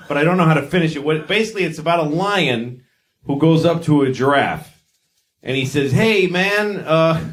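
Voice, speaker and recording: Crude deadpan stand-up man, higher voice. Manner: deadpan, crude, self-deprecating musings. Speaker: stand-up comedian. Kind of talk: stand-up comedy set. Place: comedy stage before a live audience. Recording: live stand-up with audience laughter.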